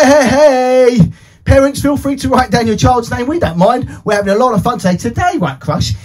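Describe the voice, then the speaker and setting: A man hosting a live children's show as an entertainer, energetic and cheering with sing-song shouts, with playful back-and-forth to a puppet. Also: high-pitched.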